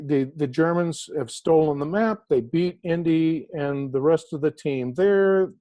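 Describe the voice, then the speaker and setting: An author being interviewed tells an inspirational story with animated emphasis, slowing down to stress key words. His voice is on the high side, and there's no echo.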